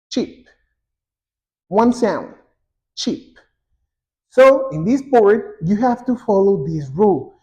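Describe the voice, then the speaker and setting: A man teaching an English grammar lesson, saying example words twice, slowly and clearly. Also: sits high, mellow. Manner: slow and repetitive, drawing out example words.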